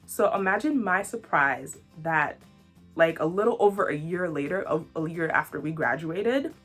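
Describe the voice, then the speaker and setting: Animated young woman telling a story, husky voice. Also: normal speed, faint music behind. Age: 20s. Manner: animated and joking, with big pitch jumps. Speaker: vlogger. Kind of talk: casual storytelling to camera.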